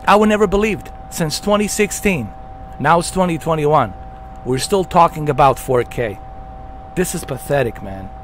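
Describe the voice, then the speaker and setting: A man's voice: fairly high pitch, animated, moderate pace, a little hiss or hum. A man hosting a gaming channel, delivering a heated, profanity-filled rant with emphatic repetition.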